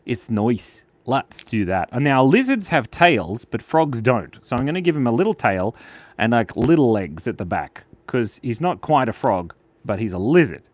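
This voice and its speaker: Playful Australian man, lively voice. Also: medium pitch, normal speed, dry recording. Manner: playful, jokey, chatting to viewers while drawing. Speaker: art stream host. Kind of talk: live drawing stream for kids.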